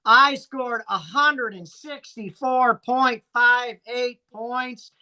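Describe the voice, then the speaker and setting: Slow, bright-toned man reading matchups. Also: very high-pitched, clear, resonant tone. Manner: dry, teasing, announcer-like recaps. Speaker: podcast co-host. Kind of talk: casual fantasy sports chat.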